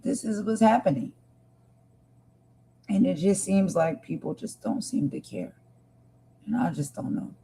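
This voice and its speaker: A woman's voice: lowish voice, expressive, a little slow, pauses often, warm tone, breathy edge, rough recording. A woman hosting a live stream, talking with feeling and emphasis, repeating her points and speaking straight to her viewers. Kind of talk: impassioned live stream commentary.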